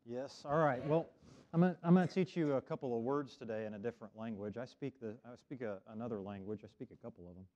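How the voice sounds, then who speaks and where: This is a fast-talking Oklahoma minister in middle age, mid-range in pitch with a dark tone. In the sanctuary, he gives the children a friendly sermon and has them say words back to him, captured on a dull lo-fi church recording.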